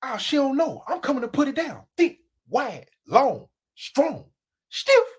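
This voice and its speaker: A woman telling a comic story in slangy, animated fashion, acting out voices and sound effects. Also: sits high, unhurried. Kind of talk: comedic storytelling.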